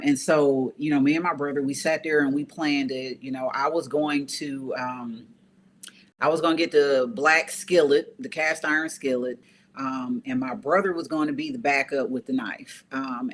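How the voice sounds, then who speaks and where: A woman guest telling a personal story in a casual, earnest way, often repeating phrases for emphasis. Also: deep voice. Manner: conversational, with frequent fillers.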